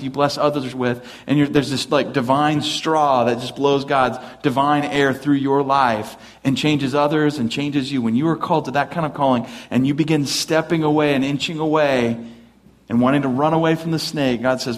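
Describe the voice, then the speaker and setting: A man preaching a sermon in a relaxed, conversational way, acting out the quoted lines as he goes. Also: medium pitch. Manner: conversational, with restarts and acted quotes. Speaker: pastor.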